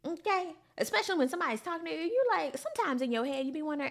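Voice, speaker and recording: A woman's voice: sits high, very animated, rapid-fire, few pauses, fairly bright tone. A woman recapping a reality show in casual, sassy podcast chatter, calling listeners honey and child.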